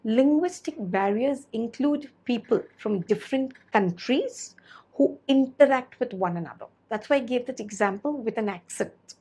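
A woman teacher lectures in a fairly high, husky voice. She keeps circling back to her points with rhetorical questions and quick self-corrections. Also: expressive, dark tone, poor audio. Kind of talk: classroom lecture.

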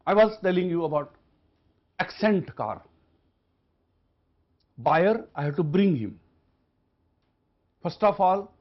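A man lectures in a high voice, hammering home each point and circling back to it again and again. He poses rhetorical questions to his listeners. The recording sounds muffled and lo-fi. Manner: emphatic, repeats key points, asks rhetorical questions. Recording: dull lo-fi recording.

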